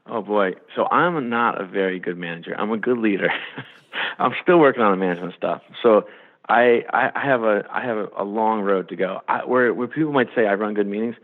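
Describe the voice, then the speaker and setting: Gravelly low guy telling stories on a podcast, sounds like a phone call. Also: fairly quick. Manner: animated storyteller, acts out quotes. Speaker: sports executive guest. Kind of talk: storytelling in a podcast interview. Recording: phone-line quality.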